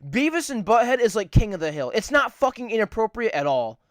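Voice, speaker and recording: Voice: medium pitch, very animated, fairly quick, no room sound, studio quality. A podcast co-host in casual chat, rambling and swearing a lot, repeating points for emphasis.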